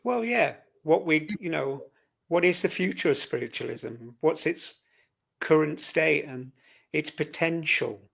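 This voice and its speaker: An earnest man reflects on love and spirit as a guest, pausing and restarting as he thinks. His voice sits a little high with a gravelly fry running through it. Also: fairly bright tone. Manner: earnest, reflective, speaks in halting phrases. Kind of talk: casual conversation on spirituality.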